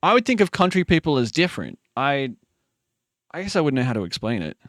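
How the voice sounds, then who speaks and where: A sleepy man with a Queensland Australian accent chats loosely with his viewers, laughing often and swearing freely. His pitch swings around a lot as he talks. The sound is close and dry, with no room echo. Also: big pitch swings, a little fast. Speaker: livestream host. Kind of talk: casual chat reading viewer messages.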